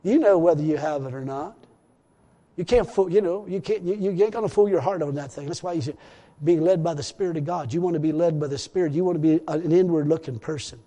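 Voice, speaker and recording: A man's voice: fairly high pitch, steady tone, fast talker, warm tone, long reverb tail. A man preaching a rambling, repetitive sermon in a church, full of hallelujahs. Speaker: pastor.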